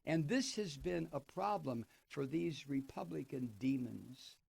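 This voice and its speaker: A man's voice: fairly high pitch, unhurried, vocal fry, a little mellow, breathy edge, no room sound. A man hosting a radio talk show, reading a news piece aloud and breaking off into sardonic, profane commentary. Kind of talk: political commentary, reading and remarking on an article.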